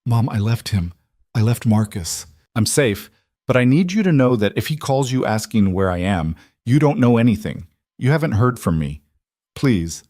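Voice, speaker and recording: A man's voice: mid-range voice, animated, normal speed, mellow, dry recording, studio quality, close to an everyday voice. A man voicing a frightened young woman on the run. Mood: shaken.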